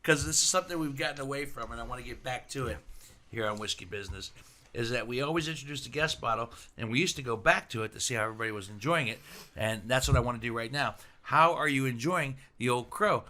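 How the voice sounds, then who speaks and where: A man hosts a loose, joking chat with friends. His voice is very bright and forward. He teases the others and flares into mock outrage. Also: medium pitch, fast. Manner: laughing, teasing, blows up in mock anger. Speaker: podcast host. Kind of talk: casual chat.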